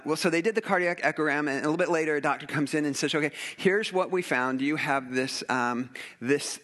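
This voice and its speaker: A man's voice: medium pitch, pushed and bright. A middle-aged man telling a family story in an earnest, rambling way, with many fillers and restarts. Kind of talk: casual heartfelt storytelling.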